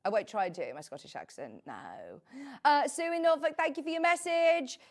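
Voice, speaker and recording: On a shopping channel, a middle-aged presenter with a high-pitched, very animated voice talks a little fast as she sells fabric. Her live sales chat is casual and drifts into friendly side remarks.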